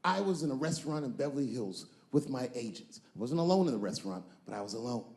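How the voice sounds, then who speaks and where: A male comedian telling a long story on stage, moving between loud punchlines and low, drawn-out asides. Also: expressive, reverberant. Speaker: stand-up comedian.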